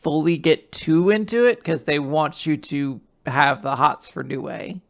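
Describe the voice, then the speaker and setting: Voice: mid-range voice, measured pace, gravelly. A co-host of a manga recap podcast, adding wry, joking asides in casual chat.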